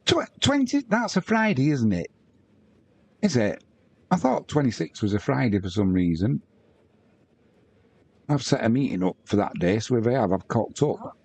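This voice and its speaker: A man's voice: mid-range voice, very animated, moderate pace, gravelly, pauses often, a little mellow, no echo. A man from the UK hosting a live match watch-along, chatting casually and reading viewer comments aloud with banter. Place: at home.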